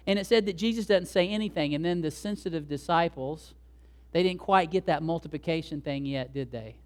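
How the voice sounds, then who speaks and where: A male pastor delivers a sermon in a conversational way, tossing rhetorical questions to the congregation. His voice sits notably high for a man. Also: moderate pace.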